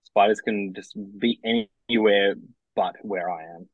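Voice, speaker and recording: A young Australian musician being interviewed, talking casually and hesitantly, with many restarts and fillers. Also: male voice, fairly low pitch, fairly even intonation, a little slow, no echo. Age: young adult. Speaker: musician guest. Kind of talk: casual chat. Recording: dull, lo-fi dry recording.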